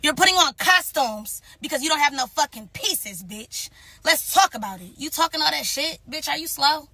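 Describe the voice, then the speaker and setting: A woman's voice: high-pitched, animated, moderate pace, pushed and bright, dry recording. A woman in mocking someone with a string of profane insults. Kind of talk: heated clapback rant.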